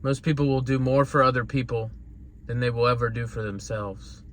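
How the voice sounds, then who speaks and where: A man's voice: mid-range voice, fairly even intonation, fairly quick, a little hiss or hum. A man giving an earnest, rambling motivational talk with salty language. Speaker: motivational speaker.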